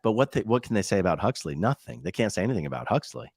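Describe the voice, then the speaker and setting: A man's voice: fairly low pitch, animated, very fast, gravelly, darkish tone, no echo, clean studio sound. A man hosting a conversation, speaking earnestly and supportively to his guest. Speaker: host. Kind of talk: interview conversation.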